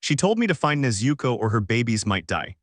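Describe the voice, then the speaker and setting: A man voicing a blunt, urgent young male swordsman in a fan story reading, well above his own pitch. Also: big pitch swings, fairly quick, no echo.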